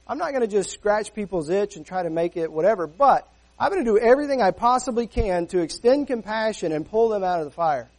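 A man's voice: sits high, darkish tone, poor audio. A man preaching a sermon as pastor, earnest and conversational, asking rhetorical questions and acting out everyday dialogue. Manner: acts out everyday dialogue in quick asides.

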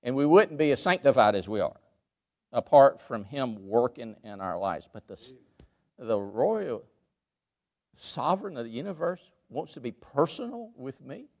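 A man preaching a sermon in a church, emphatic, rising to loud peaks and dropping to quiet asides. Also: mid-range voice, big pitch swings, a little slow, vocal fry. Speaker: pastor. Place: church sanctuary.

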